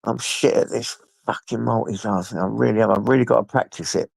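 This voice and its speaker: An English livestreamer rambles casually from his phone, chatting to his pets while his nose is blocked from an oncoming flu. His lowish voice is steady, fairly quick, creaky and a little mellow with a breathy edge, and there's no room sound.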